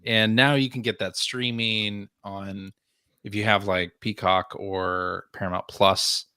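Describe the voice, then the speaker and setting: A man's voice: on the low side, flat delivery, slow pace, sharp tone, clear, resonant tone, no room sound, studio quality. A man co-hosting a podcast in casual chat, upbeat and laughing often. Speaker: podcast co-host.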